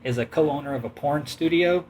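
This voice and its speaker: A man tells a sprawling, animated story in a casual chat, full of quoted voices and laughter. His voice sits a little high for a man. A faint hum runs underneath the recording. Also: moderate pace. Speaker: host telling a story.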